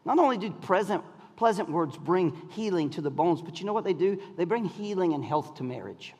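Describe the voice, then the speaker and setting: A middle-aged man preaching a sermon, telling a story in an animated way, often laughing and shouting. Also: sits high, a little fast, lo-fi sound. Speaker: pastor. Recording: long hall reverb.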